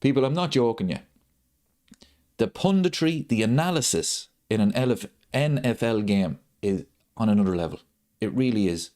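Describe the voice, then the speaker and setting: With a lowish, slightly mellow voice and lively intonation at a normal speed, this man hosts a football watchalong channel. On the live stream he rants and repeats points to stress them.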